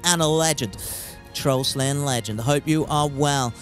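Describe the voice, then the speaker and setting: A man's voice: fairly high pitch, a little slow, soft background music. Rambling, jokey male game streamer. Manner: rambling, jokey, swears casually. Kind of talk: casual live-stream gaming commentary.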